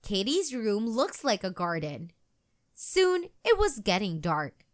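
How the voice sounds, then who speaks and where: A woman reading a children's book aloud in a gentle, expressive storytelling manner. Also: medium pitch, takes it slowly. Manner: gentle, expressive, sing-song.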